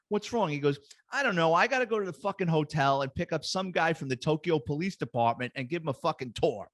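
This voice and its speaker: A middle-aged man, a retired police detective, telling lively, profane anecdotes as a guest in a casual chat. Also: on the high side, dry recording.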